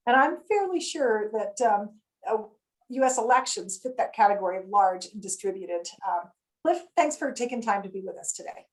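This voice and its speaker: A woman's voice: medium pitch, lively intonation, normal speed, rough recording. A woman hosting and moderating an online panel over a video call, speaking in a friendly, chatty way with frequent ums and uhs. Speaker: webinar host and moderator.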